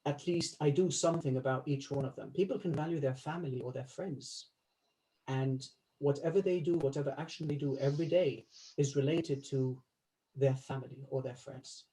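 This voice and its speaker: A male life coach giving a coaching talk to a small group, instructive, slowing down to stress key words and laughing easily. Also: medium pitch, dark tone, low-quality recording.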